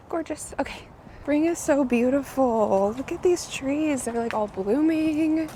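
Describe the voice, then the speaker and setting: A woman's voice: high-pitched, lively intonation, a little slow, a little mellow, slight background noise. A woman vlogging her day at home and on a walk, chatty and cooing to her dogs, speaking into a small clip-on microphone. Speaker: vlogger, small business owner. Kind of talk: casual day-in-the-life vlog.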